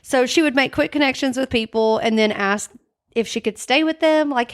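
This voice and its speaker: A woman's voice: high-pitched, normal speed. A woman co-hosting a podcast in casual chat, telling a story with lots of "like" fillers and acting out the quoted lines. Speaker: podcast co-host. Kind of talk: casual true-crime chat.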